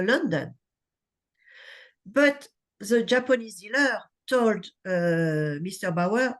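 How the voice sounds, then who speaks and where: A woman with a French accent, a native French speaker, moderating a conference session in halting English with many uhs and restarts. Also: mid-range voice.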